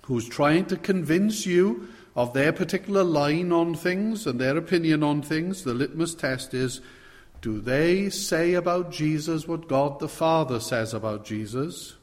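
A man's voice: on the high side, expressive, unhurried. A man preaching an expository sermon, stressing key words with sudden swells in volume. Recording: long hall reverb.

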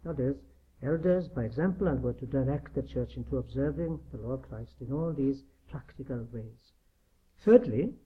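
A man preaching a sermon in an earnest, emphatic way, often asking rhetorical questions. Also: mid-range voice. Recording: dull lo-fi recording.

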